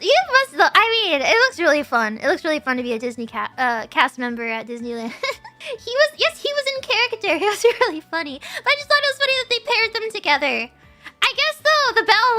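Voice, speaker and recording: A woman's voice: high voice, pushed and bright. A young adult woman streamer chatting casually, bubbly and rambling, often giggling.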